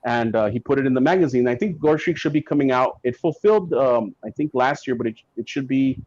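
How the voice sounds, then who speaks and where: A man guest on a podcast, telling stories in a casual, animated way and acting out what others said. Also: medium pitch, fairly quick, no echo. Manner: animated, acts out quotes from people in his stories. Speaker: guest comic writer. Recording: dull lo-fi sound.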